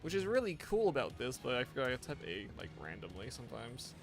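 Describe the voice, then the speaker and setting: A man live-streaming a game, tired and rambling as he chats with his viewers. His voice sits at a middling pitch, and his sentences trip and restart. Faint music plays under his talk. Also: wildly swooping pitch, brisk. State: tired, yawning. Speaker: gaming streamer. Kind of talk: casual live-stream chat.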